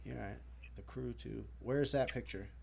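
A man's voice: medium pitch, normal speed, vocal fry, darkish tone, breathy edge. A man hosting a casual live-stream chat, laid-back, swearing casually and laughing often. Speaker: host.

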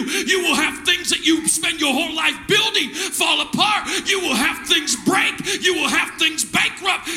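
Male pastor, high, sharp voice, shouts a call-and-response sermon. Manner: call-and-response preaching, repeats phrases. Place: church service with congregation.

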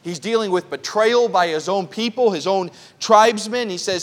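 High-voiced man preaching a sermon. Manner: earnest, reads scripture slowly, restarts phrases. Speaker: pastor. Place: church.

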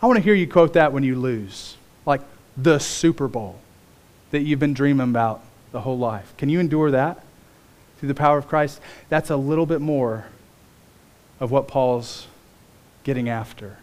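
A man preaching a sermon as pastor, telling stories in an animated way with big swings in pitch. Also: moderate pace.

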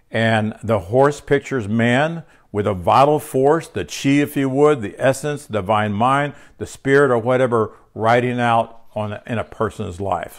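A man teaching a spiritual lesson from his home, speaking conversationally with fillers and restarts, and sounding tired. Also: medium pitch. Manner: conversational, with fillers and self-corrections. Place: home room.

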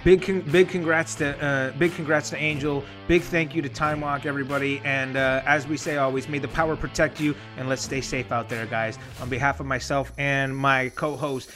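A man's voice: medium pitch, level tone, moderate pace, few pauses, over music. A man hosting a podcast over a video call, chatting casually and rambling with lots of "you know" and "man". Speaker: podcast host. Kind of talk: casual chat.

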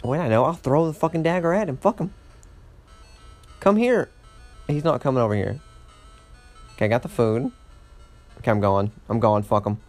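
A man's voice: medium pitch, steady tone, brisk, long pauses, darkish tone, soft background music. A man chatting casually while playing a game, rambling through a story, swearing often and laughing at his own mishaps. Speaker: gamer. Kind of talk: casual let's-play commentary.

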